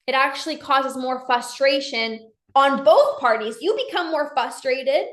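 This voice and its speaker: A woman's voice: sits high, unhurried. A woman giving a motivational talk as a life coach, emphatic, acting out short dialogues in her own voice. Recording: echoey room.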